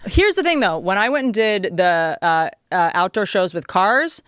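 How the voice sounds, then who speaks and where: Lively, swooping woman, dry sound. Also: mid-range voice, normal speed, smooth, dry recording. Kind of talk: casual chat.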